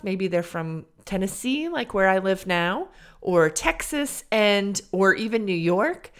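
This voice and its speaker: A woman from Illinois with a General American Midwest accent, an English teacher and podcast host giving a careful, deliberate pronunciation lesson. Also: medium pitch, clean tone. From Illinois, United States. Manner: careful, deliberate teacher's delivery, drawing out model sounds. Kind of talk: slow, clear pronunciation lesson.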